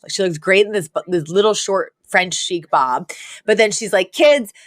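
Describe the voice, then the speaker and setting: Recapping an episode of a sitcom, a woman co-hosting a podcast chats casually, with frequent laughter and plenty of "like" fillers. Her voice is lowish and fairly bright, at normal speed. The studio-quality recording has no room sound.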